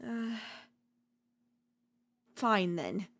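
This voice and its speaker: A woman voicing a possessive, doting yandere girlfriend in a whispered role-play, talking softly and slowly at a close mic. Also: mid-range voice, very animated, gravelly. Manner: soft, possessive, doting, slow and lingering. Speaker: voice actor.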